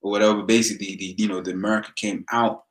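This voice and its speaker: A man with a London accent in a casual religious discussion who quotes scripture, speaking haltingly with many fillers. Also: fairly low pitch, level tone. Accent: London English. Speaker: discussion participant.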